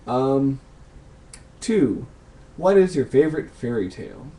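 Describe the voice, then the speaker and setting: In a casual vlog, a young man answers viewer questions, thinking aloud with plenty of ums and pauses. His mid-range voice is warm and sing-song.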